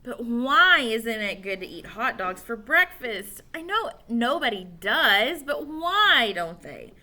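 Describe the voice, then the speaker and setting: Woman doing a shouting, indignant young boy. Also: a little high, very animated, slow pace, full character voice. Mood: pleading. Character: excitable boy, stubborn and loud.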